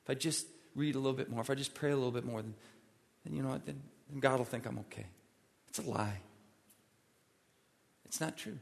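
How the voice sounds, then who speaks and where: A man's voice: mid-range voice, quick pace, vocal fry. A male pastor preaching a sermon in a church, emphatic and pleading, repeating his points for emphasis. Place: church sanctuary. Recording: long reverb of a large hall.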